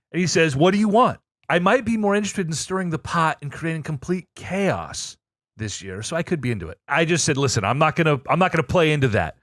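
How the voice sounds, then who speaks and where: Man, podcast co-host, animated storyteller, lively pitch, profane, dry sound. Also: quick pace, no echo. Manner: excitable, profane, swings between low asides and loud outbursts.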